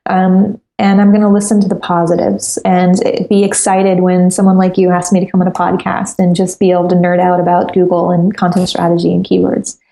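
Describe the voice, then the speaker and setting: Gravelly, flat-toned woman podcast guest. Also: fairly low pitch, a little fast, hardly any pauses, echoey room. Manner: earnest, resolute, many "um"s. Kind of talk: casual podcast interview.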